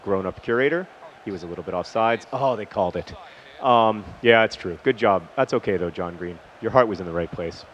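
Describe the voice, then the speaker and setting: A man with a lowish voice tells a personal story in a loose, rambling way, breaking off mid-sentence to react to the match he is playing. The recording is dull and lo-fi, with a faint hiss underneath. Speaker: gaming video host. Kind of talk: casual storytelling over game commentary.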